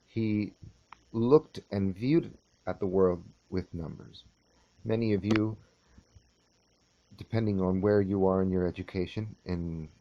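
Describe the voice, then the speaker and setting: A man teaching a course, lecturing and telling a story in a measured, unhurried way with halting restarts. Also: low-pitched, dull audio. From California.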